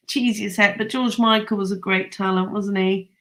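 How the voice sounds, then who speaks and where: Lady in her 40s chatting to her viewers, gushy and excited, giggles a lot. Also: mid-range voice, moderate pace. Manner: chatty, enthusiastic, laughs often. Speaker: host. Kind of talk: casual chat with live viewers.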